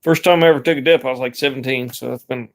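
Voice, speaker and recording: A man's voice: medium pitch, fairly even intonation, fast. A young man vlogging in a rambling, laid-back way, swearing casually as he chats. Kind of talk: casual vlog chat.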